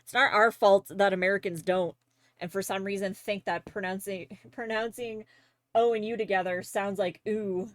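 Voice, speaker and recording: A woman's voice: mid-range voice, fairly even intonation, moderate pace, no echo. A young Canadian woman with a Canadian accent, chatting casually and rambling with lots of fillers while she draws on a livestream. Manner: rambling, filler-heavy, laughs easily. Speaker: streamer. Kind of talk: casual chat while drawing on stream.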